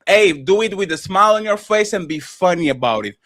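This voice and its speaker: A man with a very high, bright voice talks in an animated, emphatic way. He speaks on a streamed panel and keeps slipping into mocking impressions. The sound is dry and close. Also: fairly quick, no room sound. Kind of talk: casual opinion talk. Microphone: streaming microphone.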